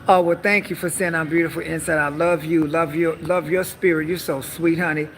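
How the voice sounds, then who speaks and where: A woman's voice: sits low, fairly even intonation, a little fast, slight background noise. A woman giving a sassy, bawdy comedy monologue on a live stream, calling listeners honey.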